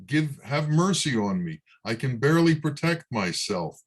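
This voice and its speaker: A man's voice: mid-range voice, big pitch swings, moderate pace, pitched above the performer's own voice. A man voicing a timid male lion who believes he is a sheep, pleading meekly in a spoken parable. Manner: pleading, meek.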